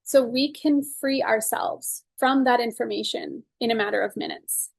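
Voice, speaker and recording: A woman's voice: a little high, moderate pace, vocal fry, no room sound. A woman leading a guided tapping session and teaching casually, earnest and upbeat, often saying "like" and "right?". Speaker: EFT tapping coach.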